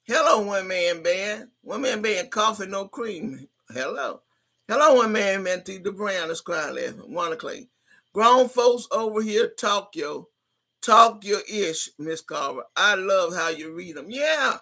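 A woman's voice: mid-range voice, expressive, a little slow, sharp tone, breathy edge. A woman in her sixties hosting a livestream, reading viewers' comments aloud in a brash, profane way and laughing often. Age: 60s. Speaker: livestream host.

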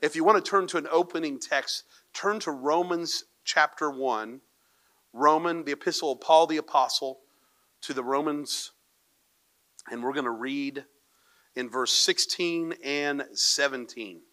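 A male pastor delivers a sermon to his church, mixing a lively told joke with prayer and scripture reading. His voice is bright and forceful. He sits a little high in pitch. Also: unhurried. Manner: lively storytelling, puts on a panicked voice in the joke. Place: church sanctuary with congregation.

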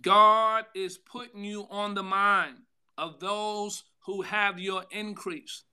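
A man pastor giving a devotional sermon, calling out to listeners by name, with a drawn-out delivery and sudden loud bursts. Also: high voice, little pitch movement, smooth. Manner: preaching with call-outs to listeners by name.

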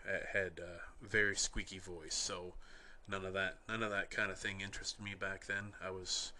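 Young male podcast host from Canada, lowish voice, forceful bright delivery, dry rambling anecdotes, faint noise underneath. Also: moderate pace. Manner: wry, rambling, deadpan anecdotes. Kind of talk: casual storytelling.

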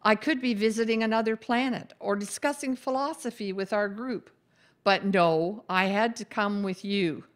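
A woman's voice: medium pitch, normal speed, natural voice. Woman reading as a sarcastic grumbling ghost. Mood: dry, sarcastic. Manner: dry, sarcastic, sighing. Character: sardonic, grumbling female ghost companion.

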